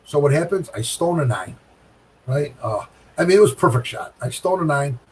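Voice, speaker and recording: A middle-aged man telling a bowling story in casual chat, animated, with sound effects and repeated phrases. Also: on the high side, brisk, slightly rough, recorded from a distance, poor audio. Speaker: guest pro bowler.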